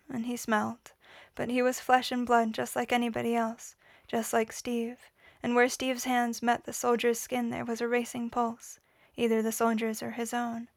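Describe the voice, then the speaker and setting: Soft-voiced woman reading a story, super flat pitch, some vocal fry, close dry sound. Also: no room sound. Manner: quiet, measured reading with whispered dialogue. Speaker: reader. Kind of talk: audiobook reading of fan fiction.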